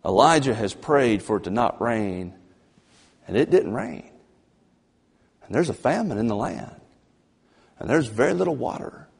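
A man preaching a fervent sermon as pastor, swinging between loud emphasis and low, drawn-out passages. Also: animated, creaky, husky. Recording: long church reverb.

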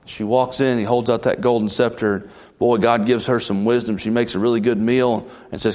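Man, pastor, folksy sermon, mid-pitched voice, sudden pitch leaps. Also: steady tone, moderate pace, a little mellow.

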